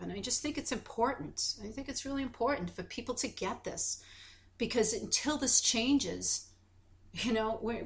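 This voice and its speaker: A woman co-hosting a podcast in casual chat, telling stories animatedly and acting out quoted dialogue. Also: medium pitch. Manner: animated storytelling, acts out quoted dialogue, many restarts. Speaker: podcast co-host.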